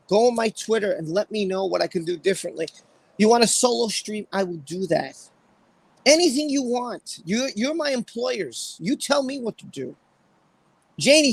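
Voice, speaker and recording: A man hosting a livestream in casual chat, his voice pitched high with a gravelly fry running through it. He reads out viewers' names one after another, and he sounds emotional and apologetic. The sound is dry and close, with no room around it. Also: no room sound, low-quality recording. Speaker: livestream host.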